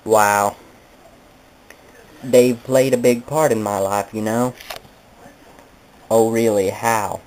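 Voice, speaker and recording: Slow, low-voiced man telling rambling tales. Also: steady tone, a little mellow, slight background noise, rough recording. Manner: meandering, self-correcting, mock-nostalgic. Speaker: comedic storyteller. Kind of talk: rambling comedic monologue.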